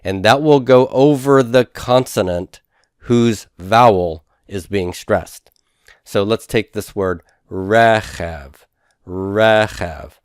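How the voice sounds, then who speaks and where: A man teaching a recorded lesson in a methodical way, repeating each word slowly for his students. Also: on the low side, darkish tone, dry recording, studio quality. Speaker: Hebrew instructor. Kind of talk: recorded lecture over handouts.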